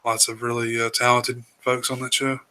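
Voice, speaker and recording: A man co-hosting a film podcast, chatting casually in a hesitant, halting way. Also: mid-range voice, monotone, pushed and bright, smooth. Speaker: podcast co-host.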